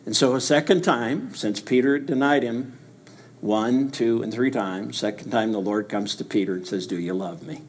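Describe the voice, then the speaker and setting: A man preaching a verse-by-verse sermon, reading scripture aloud and dramatizing quoted dialogue, dropping low and soft for Jesus' words and asking emphatic rhetorical questions. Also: normal speed, a little hiss or hum.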